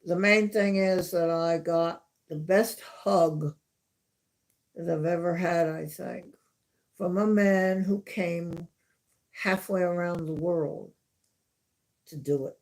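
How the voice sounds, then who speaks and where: A woman's voice: on the low side, fairly even intonation, slow, long pauses, a little mellow. A woman hosting a livestream from home, telling stories in a chatty, casual way and repeating herself for emphasis. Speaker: livestream host. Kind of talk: casual storytelling.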